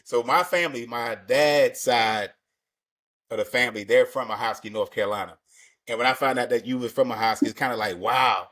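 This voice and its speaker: A man's voice: medium pitch, a little fast, a bit bright. A male podcast host in a mid-range voice, chatting loosely with his guest. He talks in easy slang and circles back on his words while he thinks, like an old shipmate catching up. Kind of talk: casual interview chat.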